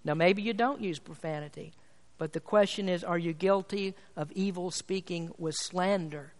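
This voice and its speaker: A man preaching a sermon in a church, emphatic, swinging between loud and quiet. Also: high-pitched, normal speed. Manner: emphatic, rises and falls in volume. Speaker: pastor. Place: church sanctuary. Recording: long hall reverb.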